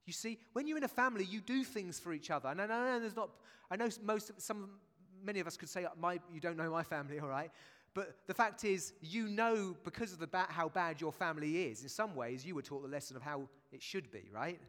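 A man's voice: high voice, fairly quick, hardly any pauses, fairly bright tone. A man preaching a sermon in a church, chatty and jokey, with asides to the congregation. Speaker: pastor. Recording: long church reverb.

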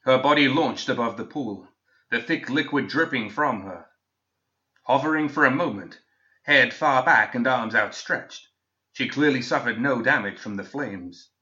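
A man reading a fantasy story aloud in a measured, steady way, as scripted narration on a dull lo-fi recording. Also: medium pitch.

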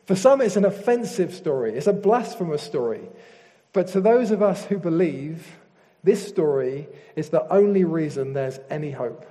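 A man preaching a sermon, leading a prayer and reading scripture slowly and earnestly. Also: fairly high pitch, lively intonation. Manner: earnest, slows down and softens in prayer. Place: church hall with screen behind speaker. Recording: long hall reverb.

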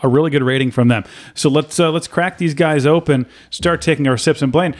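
A man's voice: a little high, fairly quick. A man hosting a casual beer-tasting chat in a bar, easygoing and laughing, with many fillers. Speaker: podcast host. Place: bar with a small live audience.

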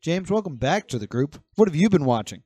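A man's voice: fairly high pitch, very animated, brisk, warm tone, breathy edge, no echo. A man hosting a casual podcast chat, joking and self-deprecating. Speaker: podcast host.

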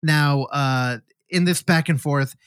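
Fairly high-voiced guy ranting about a bad movie, swears a lot, dry close mic. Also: slow pace, smooth, no room sound. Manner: profane, animated, acts out scenes in silly voices. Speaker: podcast co-host. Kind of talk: casual movie review chat.

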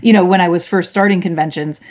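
A woman's voice: fairly low pitch, fast talker, dull audio. A woman, an actress, telling stories in a casual, chatty conversation and laughing often. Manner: chatty, laughing, animated storytelling. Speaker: actress guest.

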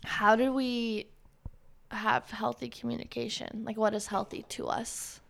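A woman hosting a podcast in a casual chat, rambling and animated with many fillers. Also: fairly high pitch, unhurried, creaky, a little hiss or hum. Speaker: podcast host.

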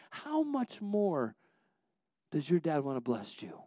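This pastor's voice runs a little high, and his pitch swoops wildly as he preaches slowly, with no room sound around him. He tells family stories full of restarts, moving between soft asides and rising, passionate exhortations.

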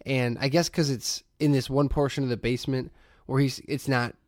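Brief: thirties male co-host, casual storyteller with mid pitch who does voices, dry close mic. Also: normal speed, no echo. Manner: animated storyteller, acts out quoted voices, swears, laughs often. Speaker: podcast co-host. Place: brewery.

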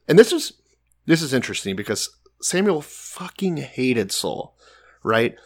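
A man's voice: medium pitch, very animated, unhurried. A man co-hosting a casual chat, retelling a story in a laid-back, profane way. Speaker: podcast co-host.

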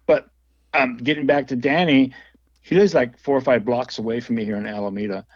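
A man's voice: medium pitch, steady tone, brisk, no room sound. Guy rambling thru band stories, laughs a lot, dry slightly dull sound. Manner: rambling, laughs often, many restarts. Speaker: guest musician and label owner. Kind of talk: casual storytelling interview.

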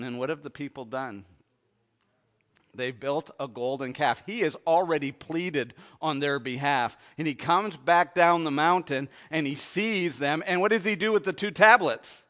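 Pastor guy preaching, bright voice, kinda high, goes quiet then big and loud, lots of questions to the crowd. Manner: dynamic preaching, swings from hushed to loud; asks the congregation questions. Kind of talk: sermon.

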